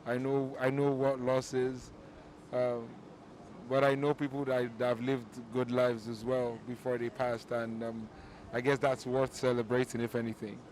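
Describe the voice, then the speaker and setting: A man answering an interview question at a tribute, halting and reflective with many restarts. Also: mid-range voice, level tone, a little mellow, slight background noise, poor audio. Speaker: tribute guest.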